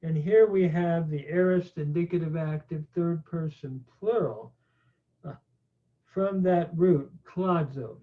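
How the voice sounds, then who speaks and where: Slow halting man, tinny sound. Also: on the high side. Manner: slow, halting, many "uh" fillers. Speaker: teacher. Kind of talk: grammar lecture. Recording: tinny phone-like audio.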